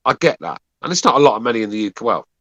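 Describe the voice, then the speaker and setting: A man's voice: mid-range voice, big pitch swings, rapid-fire, pushed and bright, dry recording. A man co-hosting a call-in boxing podcast, grumbling and sarcastic in casual banter. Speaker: podcast co-host.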